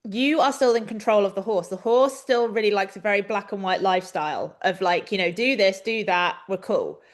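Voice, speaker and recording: A young adult woman co-hosting a webinar, coaching riders in a chatty, animated way over a video call. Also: medium pitch, a little fast. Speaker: riding coach and webinar co-host. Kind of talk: casual instructional chat.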